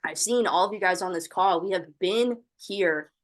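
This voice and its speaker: A young woman with a lowish voice leads a fervent, faith-filled pep talk over a video call. Her tone is encouraging. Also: normal speed. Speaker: host of an online training call.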